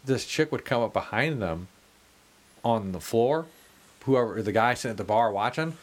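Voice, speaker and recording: Man co-host, rowdy bar-story teller, profane, mid-pitched. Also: moderate pace. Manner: profane, animated storyteller, acts out quotes. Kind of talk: casual storytelling chat.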